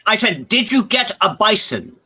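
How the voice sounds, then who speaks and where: A man giving a staged play reading as the affectionate companion of an aging actress, gently teasing and correcting her. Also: high voice, big pitch swings, moderate pace, slightly rough, heavily acted, low-quality recording.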